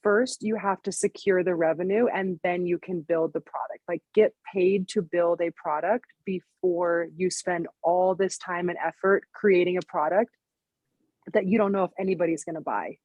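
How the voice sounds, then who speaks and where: A woman's voice: on the low side, fairly even intonation, a little mellow, dry recording, highs cut off. A woman in her thirties, a fitness coach and business owner, talking casually as a podcast guest and filling her speech with "like" and "you know". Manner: chatty, lots of "like" and "you know", quick laughs.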